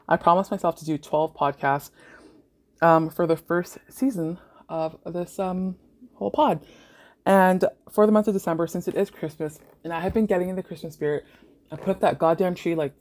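With a fairly low, darkish voice, a young Canadian woman runs a podcast where she casually recounts party stories on her own. She swears freely and laughs a lot along the way.

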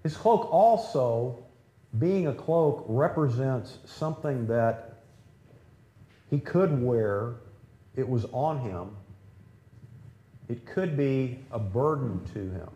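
A man's voice: mid-range voice, animated, takes it slowly, pauses often, mellow. Man preaching in an echoey room. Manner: conversational, asks the congregation questions. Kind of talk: sermon. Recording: echoey room with faint ambience.

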